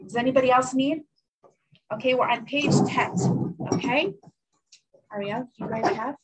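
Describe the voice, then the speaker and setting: A woman's voice: sits high, normal speed, slight background noise, rough recording. A woman teacher reading a children's story aloud to her class, then teaching and checking in with students. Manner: lively, checks in with students often. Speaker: religious studies teacher.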